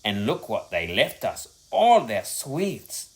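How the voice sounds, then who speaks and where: A cheeky scheming little boy, as a man puts him on for a storybook. He sounds mischievous and theatrical, his pitch swinging widely. The lines come slowly and deliberately. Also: very animated.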